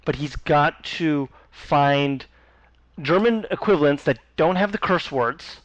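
A man co-hosting a podcast, chatting casually with quick joking asides. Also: fairly high pitch, no echo. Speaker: podcast co-host. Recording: dull lo-fi podcast audio.

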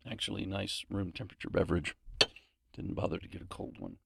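A man's voice: deep voice, fairly even intonation, brisk, gravelly, very noisy. A man recording voice lines in a home closet, out of breath and rambling in self-mocking asides between takes. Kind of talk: casual outtakes chatter.

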